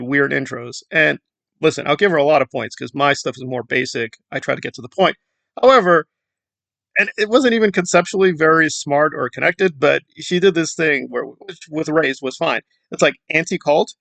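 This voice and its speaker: A man's voice: on the high side, creaky, fairly bright tone, no room sound. A man from Central America giving a rambling, sarcastic commentary monologue with mocking asides. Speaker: commentary YouTuber.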